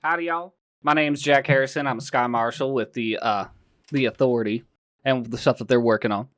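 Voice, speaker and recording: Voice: medium pitch, steady tone, a little fast, natural voice. A performer playing a folksy, drawling frontier lawman who talks in a threatening way, in a tabletop game. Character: gruff frontier lawman, adult man.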